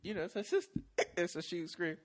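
A man's voice: sits high, big pitch swings, fast. A man co-hosting a podcast, telling a family story casually with some laughter. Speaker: podcast co-host. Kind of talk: casual chat.

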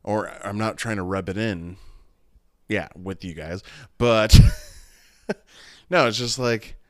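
Man in his thirties, podcast host, lowish smooth voice, dry close sound, rambling, cursing. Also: slow, no echo. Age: 30s. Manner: rambling, profane and candid, with many restarts and laughs. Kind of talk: casual solo podcast chat.

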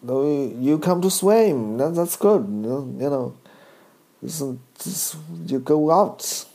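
A man quoting a chatty old man from a sauna, eager and pitched up. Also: expressive, takes it slowly, mellow, exaggerated voice.

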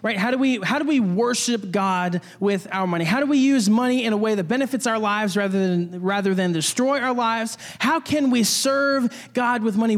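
A man's voice: high-pitched, brisk, in a large hall. A young man preaching a casual sermon, talking conversationally with restarts and jokey asides. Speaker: pastor.

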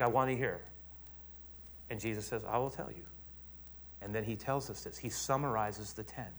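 Animated man preaching a sermon. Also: fairly low pitch, normal speed, long pauses. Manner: animated, swings from quiet explaining to loud emphatic build-ups.

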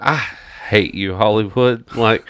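A man's voice: on the low side, steady tone, a little slow, a bit bright. A man on a casual podcast, ranting about a movie with heavy swearing and mocking quotes. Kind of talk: casual chat.

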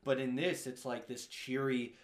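A man's voice: medium pitch, normal speed, reverberant. A young man chatting casually about a movie, acting out scenes in exaggerated voices. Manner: animated, acts out scenes in exaggerated quoted voices.

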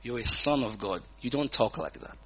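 A man and pastor teaching the Bible in a relaxed conversation, reading verses aloud and chuckling often. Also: medium pitch, normal speed, husky.

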